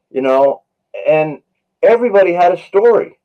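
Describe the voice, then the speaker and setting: Brief: male paramedic guest, mid-pitch, earnest anecdotal storyteller, slightly muffled lo-fi recording. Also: normal speed. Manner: earnest, anecdotal, many "you know" fillers. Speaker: paramedic and author, interview guest. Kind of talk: storytelling in a podcast interview.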